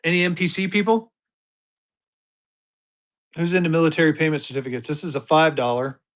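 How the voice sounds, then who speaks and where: A man's voice: a little high, steady tone, a little fast, a bit bright. A man hosting a live-stream auction, chatting upbeat with bidders and hyping each item as he sells it.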